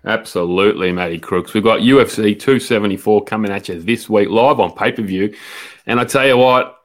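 A man's voice: on the low side, a little fast. An Australian man co-hosting a casual sports betting podcast, swearing and bantering. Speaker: podcast co-host.

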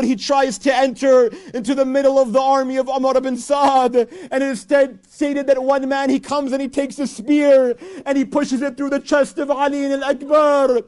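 A man preaching an emotional religious narration, rising to anguished cries and shouts. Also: very high-pitched, clear, resonant tone. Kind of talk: emotional religious recitation sermon.

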